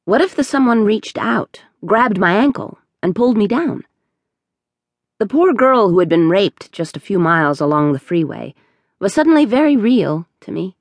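A woman reading a first-person audiobook aloud in a slow, measured storytelling manner. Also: medium pitch, sing-song, dry recording, clean studio sound. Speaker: audiobook narrator.

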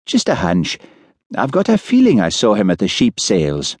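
A man's voice: lowish voice, wildly swooping pitch, moderate pace, husky, no room sound, studio quality, full character voice. A wry, shrewd village policeman.

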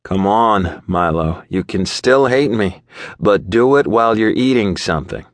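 A man's voice: on the low side, animated, unhurried, dry recording. A male narrator voicing a worried young man in an audiobook, firm but pleading. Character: worried young man, tough older-brother type.

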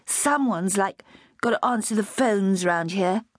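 A woman narrator voicing a brisk, offhand young female secretary who speaks casually and airily. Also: mid-range voice, dry recording, clean studio sound, pitched above the performer's own voice, lightly acted. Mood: breezy. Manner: casual, slightly airy.

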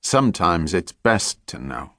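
A man voicing a weary, drinking intelligence middleman who talks slowly and softly, slurring and stressing each word. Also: sits low, big pitch swings, dry recording, studio quality, heavily acted. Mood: pressing. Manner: slow, soft, stressing every word. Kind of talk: audiobook character voice.

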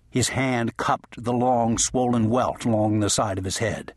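Male narrator for a western audiobook; husky, dry close read. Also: medium pitch, lively intonation, a little slow, no room sound. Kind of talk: scripted narration.

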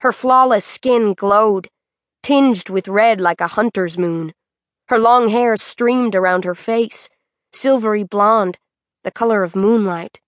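A woman narrating a fantasy audiobook in a measured, dramatic manner, recorded on a studio microphone. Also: medium pitch, dry recording.

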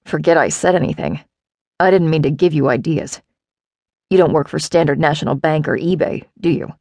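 A woman voicing a gruff, impatient man with a deep growl who talks curtly and dismissively. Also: fairly quick, a little mellow, no echo. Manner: curt, dismissive.

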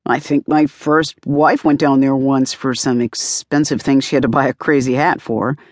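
A woman's voice: rumbling low, steady tone, normal speed, dry recording, studio quality. A woman voicing a brash, fifty-ish male film producer who speaks curtly and half-distracted. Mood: offhand. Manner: curt, offhand, phone-distracted.

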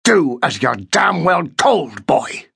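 A man's voice: high-pitched, animated, a little fast, pushed and bright, no room sound, studio quality, pitched above the performer's own voice, heavily acted. A man doing a raging Irish Marine officer. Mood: furious. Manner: growling, bellowing orders. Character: furious Irish Marine lieutenant, hot-tempered man.

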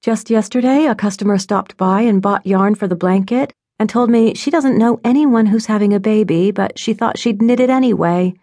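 A woman's voice: mid-range voice, moderate pace, hardly any pauses, dark tone, no echo, studio quality, voice pushed up, lightly acted. A woman voicing a friendly adult woman who owns a yarn shop, chatty, upbeat and reassuring, in an audiobook.

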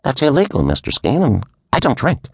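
A man voicing a brash, pushy male public official who is quick to take offense, in an audiobook. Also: mid-range voice, huge pitch swings, vocal fry, slightly rough, no room sound, clean studio sound, pitched above the performer's own voice, full character voice. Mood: indignant.

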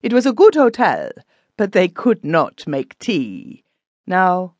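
A woman's voice: fairly low pitch, wildly swooping pitch, takes it slowly, a little mellow, no room sound, voice pushed up, heavily acted. A woman playing a blustering German official. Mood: mocking. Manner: blustering, self-important. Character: boastful middle-aged German official, man.

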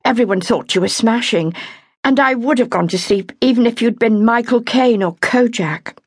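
A woman's voice: on the high side, normal speed, slightly rough, dry recording, clean studio sound, voice pushed up. A woman voicing a young female nurse who talks frankly and cheerfully in a motherly way. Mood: chatty.

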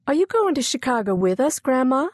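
A woman's voice: a little fast, dry recording, clean studio sound. A woman voicing a curious, eager little girl of almost five in a storybook reading. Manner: high and excited.

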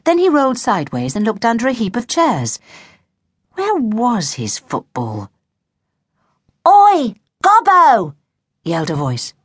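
A woman reads a children's novel aloud with animated, expressive storytelling. Her pitch moves a great deal. The studio sound is close and dry. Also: normal speed, husky, dry recording. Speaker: audiobook narrator. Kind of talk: children's audiobook narration.

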